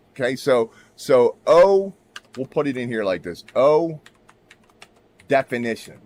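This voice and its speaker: A livestream host delivers a rambling, emphatic monologue, his pitch swinging up and down from a slightly high baseline for a man. He constantly punches lines with "right?" and sometimes drifts into a mutter. Keyboard typing can be heard behind him.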